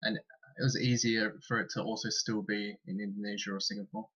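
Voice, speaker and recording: A man's voice: on the low side, flat delivery, brisk, fairly bright tone, husky. An Australian man co-hosting a podcast, giving blunt opinions in a casual discussion. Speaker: podcast co-host. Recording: dull lo-fi podcast mic.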